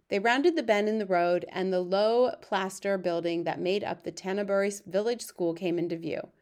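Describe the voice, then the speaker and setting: A woman reading a children's novel aloud in measured scripted narration. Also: medium pitch, darkish tone. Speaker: audiobook narrator.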